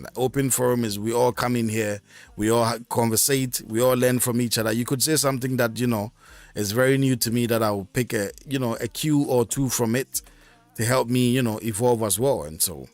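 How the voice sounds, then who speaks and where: A man's voice: medium pitch, dry recording. A man hosting a live music stream, talking casually on his own and rambling with many fillers and restarts.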